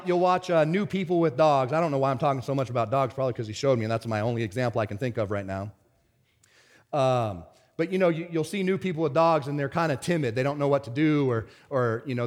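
A pastor delivering a conversational sermon, telling stories in an animated, stop-and-start way. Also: male voice, mid-range voice, fast. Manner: conversational storytelling, animated, many restarts.

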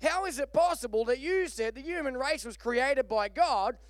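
A man's voice: very high-pitched, expressive, moderate pace, no echo, studio quality, voice pushed up. A man doing a confused little English girl. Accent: put-on English. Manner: puzzled questioning.

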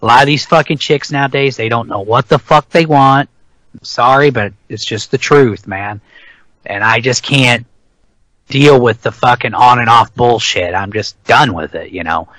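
A man's voice: medium pitch, normal speed, a bit bright, no room sound, rough recording. A middle-aged man chatting casually as a podcast co-host, rambling and swearing freely. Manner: rambling, profane, ranting. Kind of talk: casual chat about metal albums.

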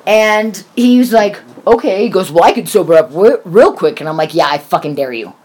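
A woman's voice: medium pitch, fairly quick. A woman in her forties telling a story in casual chat, swearing often and acting out what people said. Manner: animated, swears often, acts out quoted voices.

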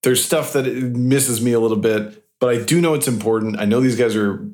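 A man co-hosting a casual podcast, measured in his opinions and quick to laugh. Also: medium pitch, a little mellow. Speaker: podcast co-host.

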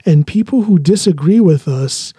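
A man hosting a podcast in casual, opinionated talk. His voice is high for a man, very warm and dark in tone, and husky. The sound is dry and close. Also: lively intonation, normal speed, no room sound. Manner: opinionated, earnest, repeats phrases. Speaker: podcast host. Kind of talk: casual chat.

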